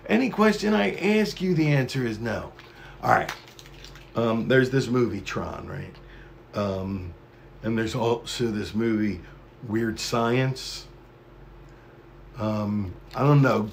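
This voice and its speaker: A man hosting a live stream, rambling in a profane, conspiratorial monologue to his chat. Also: mid-range voice.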